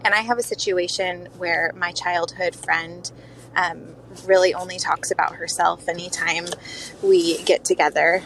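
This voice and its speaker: A woman's voice: on the low side, fairly even intonation, a little slow, creaky, fairly bright tone, low-quality recording. A woman leaving a voicemail for a podcast, asking for advice hesitantly and thoughtfully. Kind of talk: voicemail question. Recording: voicemail with faint background noise.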